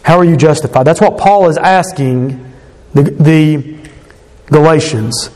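High-voiced man preaching a sermon. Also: unhurried, a little mellow. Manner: earnest preaching, acting out quoted voices with emphasis. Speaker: pastor.

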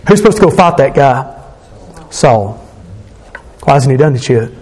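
A man's voice: medium pitch, lively intonation, moderate pace, darkish tone, slightly rough. A male pastor preaching a sermon who retells a scripture story with emphatic repetition.

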